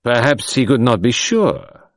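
A man reading an audiobook voices a cold, imperturbable detective who speaks smoothly with a hint of menace. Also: medium pitch, sing-song, measured pace, no room sound, clean studio sound, pitched above the performer's own voice.

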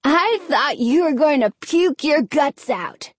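A woman voicing a boastful young boy who talks loudly and sneers, in a storybook reading. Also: high voice, expressive, slow pace, no echo, pitched above the performer's own voice. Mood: brash. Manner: loud, sneering.

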